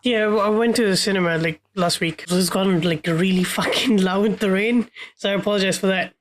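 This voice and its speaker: A woman's voice: medium pitch, moderate pace. A woman co-hosting a podcast in laid-back, sweary casual chat. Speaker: podcast co-host. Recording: faint noise, rain outside.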